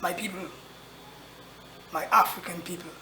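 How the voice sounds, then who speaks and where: A man giving a grave, impassioned address to the camera, slowly repeating rhetorical questions. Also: sits high, steady tone, pushed and bright, a little hiss or hum. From Caribbean. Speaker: actor addressing his audience. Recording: roomy echo, faint ambience.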